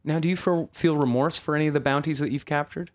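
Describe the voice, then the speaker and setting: A man hosting a comedy podcast sketch, animated and quick to shout in high, startled bursts. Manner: animated, jumps into high-pitched exclamations. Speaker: podcast host.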